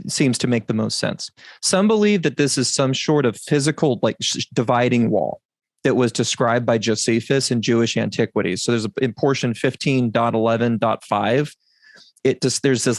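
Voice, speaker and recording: A man with a mid-pitched voice hosts a Bible teaching podcast, explaining his points slowly and deliberately while stressing key words. The sound is dry and close on the mic, with no echo.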